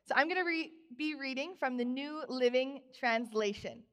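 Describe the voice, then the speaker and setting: High-voiced young woman preaching, reverberant church. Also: normal speed. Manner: bubbly storytelling, animated exclamations. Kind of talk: sermon. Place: church sanctuary.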